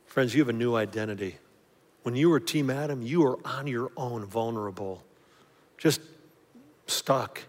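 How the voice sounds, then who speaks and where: A man preaching a sermon, building up emphasis and then dropping softly into prayer. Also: medium pitch, moderate pace, pauses often, long reverb tail. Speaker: pastor.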